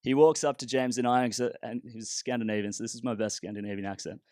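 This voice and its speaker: A man's voice: mid-range voice, fairly even intonation, fast talker, darkish tone, no echo, studio quality. Man telling a story. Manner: casual, self-deprecating storyteller. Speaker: startup founder and speaker. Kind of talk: humorous personal storytelling talk.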